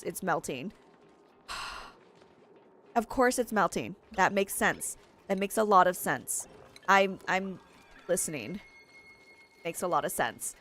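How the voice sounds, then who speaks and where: A young woman streaming a game, frantic and excitable, laughing at her own stress. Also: medium pitch. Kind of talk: gameplay commentary.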